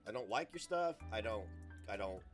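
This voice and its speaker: A man's voice: on the low side, lively intonation, normal speed, soft background music. A man hosting a livestream in a casual, rambling rant, profane and self-mocking. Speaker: livestream host.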